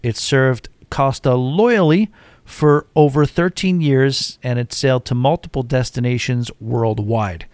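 A man's voice: medium pitch, measured pace, darkish tone, no room sound. A man hosting a solo cruise talk show, rambling chattily from one topic to the next. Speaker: cruise podcast host.

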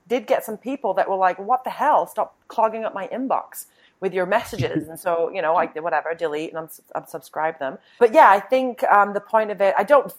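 A British woman who is a guest on a podcast, chatting casually, laughing often and mocking herself. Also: medium pitch. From Britain.

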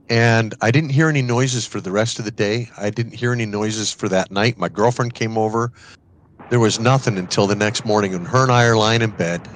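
A man co-hosting a podcast, casually telling a ghost story and acting out the voices of people in it. He often restarts and repeats words when he gets excited. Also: fairly low pitch. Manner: lively storytelling, acts out quoted voices. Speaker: podcast co-host.

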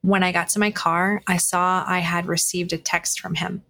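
A podcast host candidly recounts a personal dating story to listeners, speaking bluntly, swearing freely, and retelling it conversationally with lots of restarts and fillers. Her voice is fairly low and fairly bright in tone, with little pitch movement and a moderate pace.

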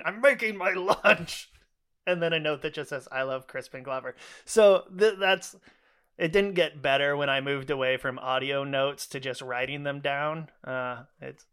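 A man's voice: mid-range voice, fairly even intonation, moderate pace, fairly bright tone, smooth. A man co-hosting a film podcast, rambling and joking in casual chat and laughing often. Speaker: podcast co-host.

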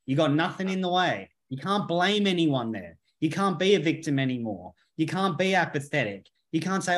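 A man's voice: a little high, lively intonation, moderate pace, hardly any pauses, fairly bright tone. A man talking bluntly and emphatically in a casual conversation, swearing freely as a podcast guest.

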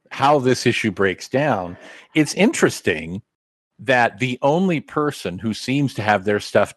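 A man's voice: medium pitch, dry recording. A man co-hosting a comic book review podcast, chatting casually and full of trivia. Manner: knowledgeable, trivia-heavy, animated.

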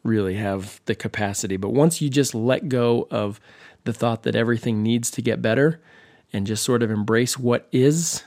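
A man's voice: mid-range voice, normal speed, a little mellow, no echo, studio quality. A man hosting a podcast, talking in a loose, rambling monologue with a wry, sarcastic humor and lots of restarts. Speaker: podcast host.

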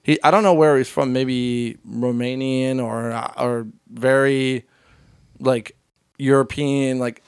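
A man in a casual podcast chat, telling a story in an animated way and acting out other people's voices. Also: mid-range voice, takes it slowly, clean tone, dry recording, clean studio sound. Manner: swears casually, lots of fillers. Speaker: podcast guest.

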